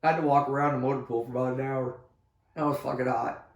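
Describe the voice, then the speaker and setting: A man's voice: medium pitch, steady tone, fast talker. A man in his fifties, an army veteran, telling war stories in a casual, rambling way, swearing heavily and acting out what people said. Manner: profane, rambling, acts out quotes loudly. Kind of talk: casual storytelling chat. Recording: roomy echo.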